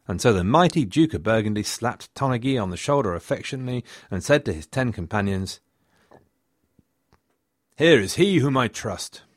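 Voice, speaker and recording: A man narrating a history podcast, his fairly low voice swinging lively up and down as he tells the story. He slips in wry asides, and the recording is dry and close. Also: no echo. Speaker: podcast host.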